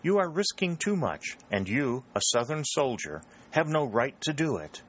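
A man voicing a proud, pale young woman who is cool and guarded, in a measured, reserved way in a read-aloud story. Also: medium pitch, big pitch swings, fairly bright tone, voice pushed up. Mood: agitated.

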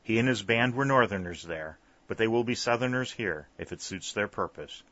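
A man's voice: on the low side, lively intonation, moderate pace, no room sound. A man voicing an earnest, determined young man. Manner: loud, clear, earnest. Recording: slightly dull, dry recording.

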